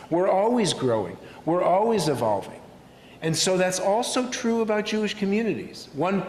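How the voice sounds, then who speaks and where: Male rabbi, slightly high voice, unhurried storytelling talk, echoey synagogue hall. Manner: thoughtful storytelling with frequent pauses. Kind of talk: speaking to a congregation. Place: synagogue sanctuary. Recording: echoey hall with faint room noise.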